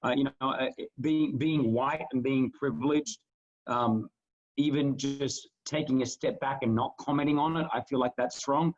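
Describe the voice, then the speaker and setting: The podcast co-host has a mid-range voice with a steady tone at normal speed, and the recording has its highs cut off. He's earnest in casual talk, though he rambles and keeps restarting sentences.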